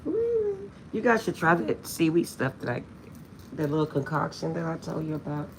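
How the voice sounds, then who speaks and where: A woman's voice: low voice, wildly swooping pitch, normal speed, a little hiss or hum. A woman vlogger chatting casually to her viewers, telling a funny story with lots of laughter and insisting she is serious.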